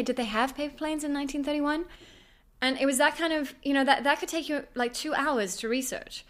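A woman author talks quickly and eagerly in an interview, with a fairly high voice. She doubles back on her words and piles on fillers as she explains. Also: fairly bright tone. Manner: fast, chatty, with many restarts and fillers. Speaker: novelist and former journalist. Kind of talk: interview answers.

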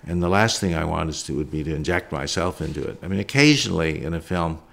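Gravelly deep-voiced man, documentary filmmaker. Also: expressive, fast talker, a bit bright. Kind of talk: conversational interview answers.

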